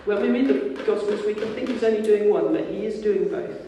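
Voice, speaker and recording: Male preacher, fairly high voice, mellow tone, casual storyteller style, distant echoey church recording. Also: a little fast, slight background noise. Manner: lively informal storytelling, acting out voices. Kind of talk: sermon. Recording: echoey hall from far off.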